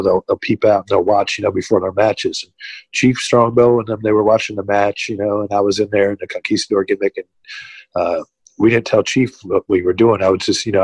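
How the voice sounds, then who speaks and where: A man's voice: lowish voice, husky, dry recording, poor audio. A man, telling old stories in a casual interview, full of "you know" fillers. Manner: rambling, many "you know" fillers, laughs at own stories. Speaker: podcast guest, retired wrestler.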